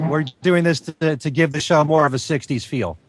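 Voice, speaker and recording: A man's voice: on the high side, moderate pace, no room sound. A man hosting a casual podcast, introducing guests and topics. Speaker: podcast host.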